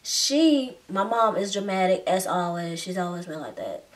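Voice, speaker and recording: A woman's voice: on the low side, lively intonation, moderate pace, slight background noise. A young woman telling a personal story in a casual, chatty way, with many filler words. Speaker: vlogger. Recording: slightly distant mic.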